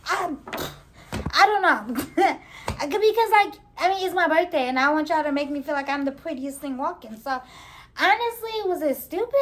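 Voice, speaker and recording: Young female vlogger, high-pitched, animated casual storyteller. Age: young adult. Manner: animated, laughing, slangy storytelling.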